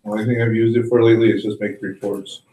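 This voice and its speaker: A man's voice: fairly low pitch, little pitch movement, quick pace, dark tone, slight background noise. A man explaining something plainly and hesitantly in a casual meeting. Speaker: user group member. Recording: roomy meeting room.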